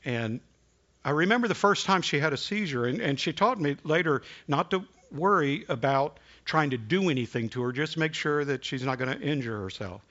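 Halting, earnest preacher man with a cough. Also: on the high side, a bit bright. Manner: halting and earnest, with many restarts. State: coughing now and then. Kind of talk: sermon with personal stories. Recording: dull lo-fi recording.

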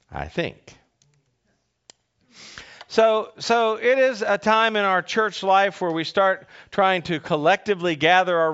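A middle-aged male pastor from North America, giving a folksy sermon with halting restarts and swings in pitch. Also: fairly bright tone, clean tone. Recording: dull lo-fi sound.

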